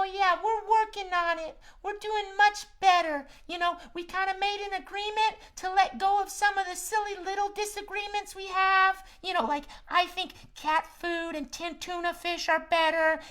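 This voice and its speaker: A man's voice: very high-pitched, fairly bright tone, pitched above the performer's own voice. A man voicing a friendly female cat puppet on a children's show, chatty and rambling with lots of "you know.".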